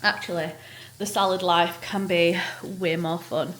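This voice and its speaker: Speaking in a lowish, steady voice a little slowly, a young woman vlogs her day with casual, upbeat, self-deprecating chatter, first cooking at home and then walking outdoors. The sound is roomy, with loud kitchen sizzle and outdoor ambience.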